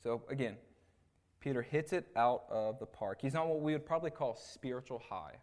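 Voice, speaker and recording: A man's voice: medium pitch, moderate pace. Man preaching, casual and chatty. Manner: casual, tags lines with "right?"; animated retelling with acted asides. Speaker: assistant pastor. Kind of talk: conversational sermon.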